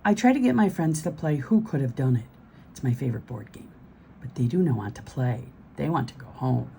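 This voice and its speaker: A woman reading a children's storybook aloud, gentle and expressive. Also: extremely low pitch, fairly quick, creaky, slight background noise, low-quality recording.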